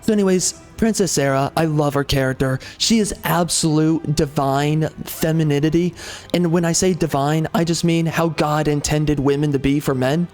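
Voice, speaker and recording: A man's voice: on the high side, fairly even intonation, normal speed, a little mellow, soft background music. A man hosting a gaming channel, giving opinionated commentary in a rambling, emphatic way with many fillers and restarts.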